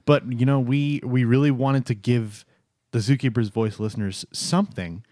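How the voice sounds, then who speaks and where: A man co-hosting a podcast in casual chat, relaxed and agreeable, with fillers and repeated words. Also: mid-range voice, moderate pace, dry recording, clean studio sound. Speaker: podcast co-host. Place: new apartment studio.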